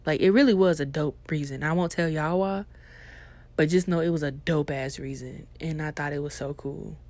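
A young woman podcast host telling a funny story in casual, slangy, profane chat, animated and laughing as she goes. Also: low-pitched, moderate pace.

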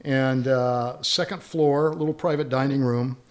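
A middle-aged man, a father of a big family, recounting anecdotes in a relaxed group chat. He talks with animation and slips into the voices of the people in his stories. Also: mid-range voice, unhurried. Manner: animated anecdote-telling, acts out quoted voices. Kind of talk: casual chat.

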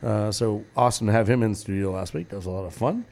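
A man's voice: lowish voice, fast. A man hosting a local radio show from a studio mic, chatting casually and joking with laughter. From New England. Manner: jokey, animated, laughs often.

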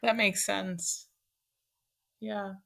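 Gravelly, bright-voiced woman podcast guest. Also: mid-range voice, steady tone, drawn-out words. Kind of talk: casual podcast chat.

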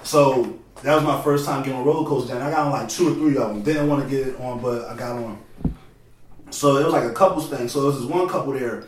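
Young guy, relaxed storyteller, off-mic, heavy room echo. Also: mid-range voice, fast talker, slight background noise. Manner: laid-back, loose, laughing storyteller. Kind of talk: casual storytelling chat. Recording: echoey room, distant from the mic.

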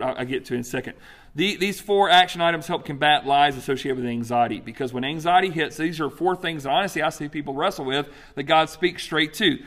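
A male pastor with a fairly high voice, preaching in a loose, conversational style. He is animated and quick to joke between points. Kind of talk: sermon.

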